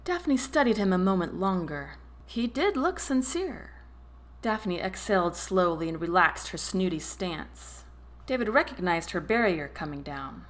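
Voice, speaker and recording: A woman narrating a romance novel chapter in an expressive reading voice. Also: on the low side, a little slow. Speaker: audiobook narrator. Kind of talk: storybook narration.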